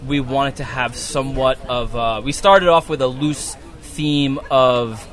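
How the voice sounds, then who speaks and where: A man with a Long Island accent, a muralist talking casually in an interview, relaxed and rambling with many fillers and restarts. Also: medium pitch, a little slow. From Long Island, New York. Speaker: muralist guest. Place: outdoors at a wall being painted.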